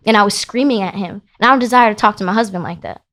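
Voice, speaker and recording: Woman podcast guest, mid-pitched, animated and emphatic storyteller. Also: very fast. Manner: emphatic, animated, rising into heated retelling. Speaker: podcast guest, business founder. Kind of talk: casual interview storytelling.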